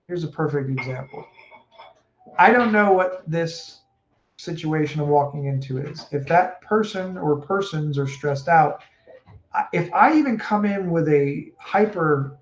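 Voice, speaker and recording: A man coaching casually on stress and breathing, animated and acting out quoted speech. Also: on the high side. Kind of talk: casual advice talk. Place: home room with a puppy. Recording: echoey room, dull sound, faint noise.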